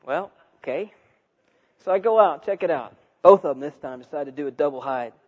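A man's voice: fairly high pitch, brisk, muffled recording. A man preaching a sermon, telling a story and acting out the voices in it. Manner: animated, acts out voices in his story.

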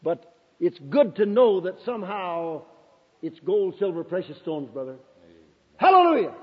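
Here the aging Bible school principal's voice sits high and slightly rough, unhurried as he preaches his fervent testimony. Exclamatory and quick to laugh, he shouts hallelujah and amen, all on a dull, dated recording in a reverberant hall.

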